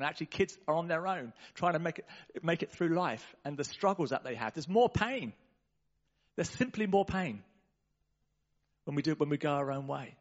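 A man preaching a sermon in a church, talking in a conversational, animated way and calling out to the congregation. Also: fairly high pitch, dull audio.

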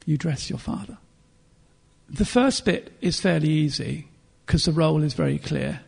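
A man preaching a sermon in an earnest, reflective way, pausing to clear his throat and restart phrases. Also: fairly high pitch, a little mellow.

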